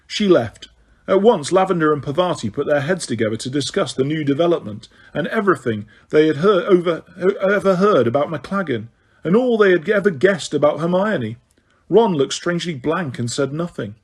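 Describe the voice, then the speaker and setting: Husky male audiobook narrator. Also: fairly high pitch, animated, normal speed. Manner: occasional stumbles and restarts. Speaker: audiobook reader.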